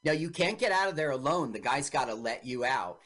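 A woman's voice: very deep voice, expressive, brisk, fairly bright tone. A woman co-hosting a radio show, chatting casually about an old film and acting out quoted lines as she retells the story. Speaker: radio co-host.

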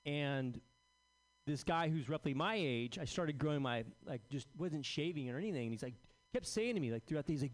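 A man in his forties doing a deadpan, self-deprecating stand-up set on a club stage. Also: a little high, a little fast. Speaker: stand-up comedian.

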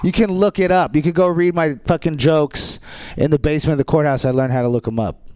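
A man riffing crude, dark stand-up. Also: on the high side, quick pace, smooth, dry recording. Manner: dark, crude jokes with a rambling, offhand delivery. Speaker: stand-up comedian. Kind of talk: stand-up routine on a radio show.

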